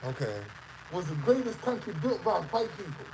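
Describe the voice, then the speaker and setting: A man's voice: sits high, big pitch swings, normal speed, noisy background. A man from the Southern United States with a Southern accent, hosting casual commentary on a clip; he talks emphatically, repeats phrases and throws out rhetorical questions. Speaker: host.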